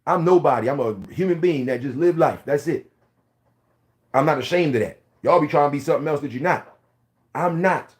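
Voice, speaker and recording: A man's voice: a little high, fairly quick. A man in his forties from Philadelphia, with a Philadelphia accent, ranting bluntly and profanely in a casual video monologue. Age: 40s. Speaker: vlogger.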